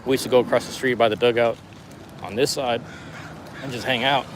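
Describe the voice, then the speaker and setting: A man's voice: medium pitch, steady tone, brisk, noisy background. A man live-streaming as he walks a city street in the rain, talking in a laid-back, rambling way full of slang, his voice a little worn. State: losing his voice. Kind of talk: casual walking live stream.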